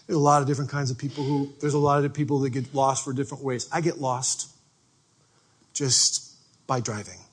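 A male pastor giving a conversational, animated sermon, acting out everyday people as he goes. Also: mid-range voice, a little fast, breathy edge.

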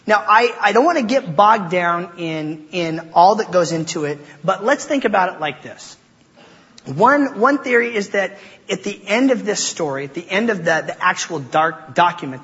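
A man gives a sermon in a casual, talky way and often restarts his sentences. His voice sits a bit high for a man. The sound is muffled and rings with a long hall reverb. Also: a bit bright. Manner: conversational, with stammered restarts and informal asides. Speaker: preacher.

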